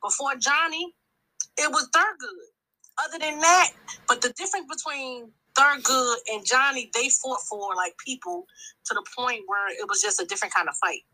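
A woman's voice: high voice, normal speed, pushed and bright, rough recording. A woman calling in to a talk show, speaking in a long-winded, emphatic way and often restarting her sentences. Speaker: caller. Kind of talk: impassioned call-in commentary.

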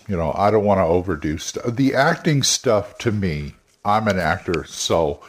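A man's voice: low-pitched, slightly rough. An older man hosting a solo podcast, giving casual, rambling advice and often restarting his sentences. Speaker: podcast host.

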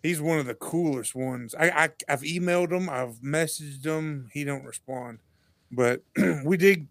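A man, a podcast guest telling stories in casual chat, animated and laughing, acting out what people said. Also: fairly high pitch, measured pace, no echo. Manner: animated, laughing storyteller who acts out quotes.

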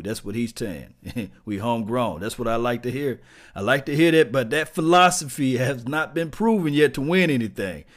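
A man hosting a casual live sports stream, talking loosely and repeating himself, chuckling and shouting out viewers. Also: medium pitch. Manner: loose, repetitive, chuckling, reads out viewer names.

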